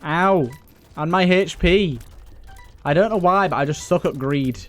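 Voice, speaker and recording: Young male let's player, slightly higher voice, casual, swears, chats to the game. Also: a little slow, soft background music. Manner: joking, grumbling, swears, talks to the game. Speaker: let's play gamer. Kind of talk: casual gameplay commentary.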